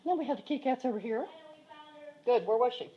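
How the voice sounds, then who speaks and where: A woman's voice: a little high, slightly rough, lo-fi sound. A woman showing viewers around a cat sanctuary in a casual filmed tour, talking to the cats in cooing baby talk. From from the southern United States. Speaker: cat sanctuary worker giving a shelter tour.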